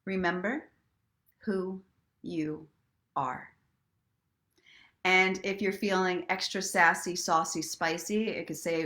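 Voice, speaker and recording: A woman hosting a live story time stream, chatting in an encouraging way and slowing down for soft affirmations. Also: lowish voice, steady tone. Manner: chatty and encouraging, reads viewer comments aloud. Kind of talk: casual live-stream talk with inspirational reading.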